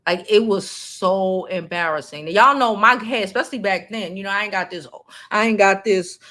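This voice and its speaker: A woman's voice: medium pitch, lively intonation, moderate pace, sharp tone. A middle-aged woman hosting a live stream, chatting casually and animatedly with frequent fillers and restarts. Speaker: channel host.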